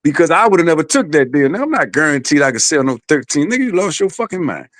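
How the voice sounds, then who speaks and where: A man's voice: on the high side, very animated, fast, fairly bright tone, no echo. A man, the father of a boxer, telling a story in blunt, profane casual podcast talk.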